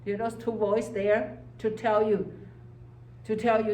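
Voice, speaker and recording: A woman's voice: medium pitch, level tone, moderate pace, a little mellow, recorded from a distance, slight background noise. A woman lecturing on psychology to a class. She speaks English with non-native grammar and keeps checking in with "okay?" while acting out inner voices. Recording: echoey classroom heard from afar.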